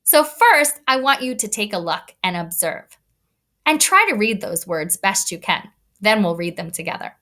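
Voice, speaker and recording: A woman teacher giving an online read-aloud lesson to young children, talking in an expressive, kid-directed way. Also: mid-range voice, normal speed. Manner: animated, expressive teacher voice addressing kids. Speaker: elementary school teacher.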